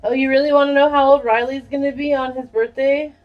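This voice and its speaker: A woman's voice: high-pitched, fairly even intonation, fast, muffled recording. A woman live-streaming a giveaway, chatting casually with viewers and reading out their names. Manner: chatty, reads viewer names and answers chat.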